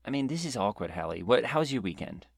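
A man co-hosting a comedy podcast, telling a rambling story in a deadpan, hesitant way with many restarts. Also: medium pitch, quick pace, gravelly, no echo, clean studio sound. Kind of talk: improvised character comedy chat.

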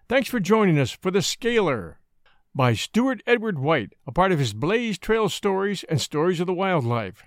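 Animated male storyteller, dry sound. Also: high voice, moderate pace, dry recording. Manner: dramatic, animated reading. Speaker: audiobook narrator and podcast host. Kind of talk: expressive storytelling narration.

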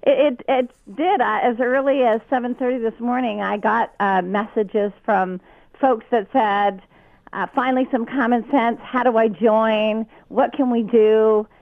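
A woman's voice: a little high, fairly even intonation, unhurried, no room sound, narrow, tinny audio. A woman business owner speaking as an interview guest over a remote line. She talks in an indignant, emphatic way, restarting her sentences as she pushes her point.

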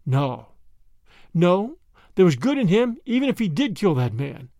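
A man's voice: high-pitched, big pitch swings, unhurried, warm tone, no echo, clean studio sound, full character voice. A man voicing a kindly but stubborn old grandmother who talks earnestly and frets, in a storybook reading. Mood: defiant.

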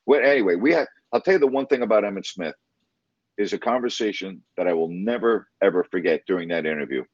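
Rambling, enthusiastic low-voiced man. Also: animated, quick pace, dry recording, highs cut off. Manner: rambling, enthusiastic, many restarts. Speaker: broadcast interviewer. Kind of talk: casual storytelling in conversation.

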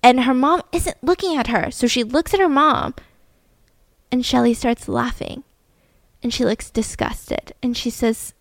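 A woman's voice: high voice, unhurried, no room sound. A woman host telling a true-crime story in a chatty, conversational way, with asides to her co-host.

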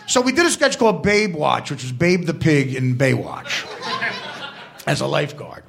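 A man with a high, rough-edged voice spins long comic anecdotes at a live show. He is crude and self-mocking, and his lively pitch jumps around as he builds toward each punchline. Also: moderate pace, background noise. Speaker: comedian guest. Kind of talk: comedic storytelling.

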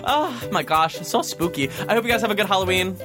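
A man's voice: high-pitched, animated, fast talker, music in the background. A young man co-hosting a podcast in casual banter, playful and giggly. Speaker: podcast co-host.

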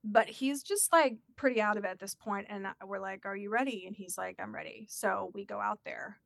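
A woman's voice: mid-range voice, normal speed, creaky, no echo. A woman telling a personal story in a casual chat and acting out the voices of the people in it. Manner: animated, acts out quoted voices.

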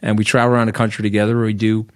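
A man's voice: lowish voice, flat delivery, racing, no echo, studio quality. A middle-aged man with a Long Island New York accent, a podcast guest telling stories in a blunt, rambling way and tagging lines with "okay?". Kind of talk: casual storytelling interview.

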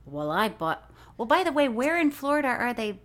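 A woman co-hosting a podcast, telling stories in a casual, animated way and laughing often. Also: fairly high pitch, moderate pace, a crowd in the background. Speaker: podcast co-host.

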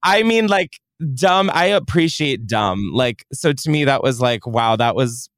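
A young man hosting a podcast in casual chat, animated and swearing freely. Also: mid-range voice, unhurried, dry recording, clean studio sound. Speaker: podcast host.

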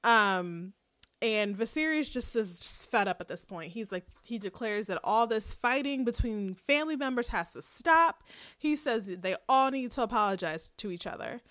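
Woman co-host, casual recap voice, a bit high, dry close mic. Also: moderate pace, no echo. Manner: chatty, animated retelling with acted quotes. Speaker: podcast co-host.

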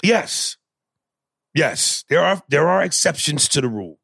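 A man in casual conversation, animated and profane, jumping into loud excited bursts. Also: fairly high pitch, measured pace, vocal fry, husky, dry recording. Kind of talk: casual chat.

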